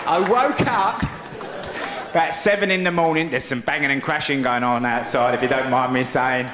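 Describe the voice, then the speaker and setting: A man's voice: mid-range voice, moderate pace, background noise. A man doing live stand-up storytelling, cheekily acting out his own drunk self-talk. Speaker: stand-up comedian. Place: live comedy venue, played from archive. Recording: roomy live venue with loud crowd laughter.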